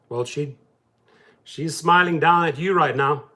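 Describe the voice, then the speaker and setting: A man hosting a casual livestream chat from his parked car, talking emphatically and then dropping to a soft, subdued tone. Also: on the high side, unhurried, slight background noise. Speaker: rideshare driver and channel host.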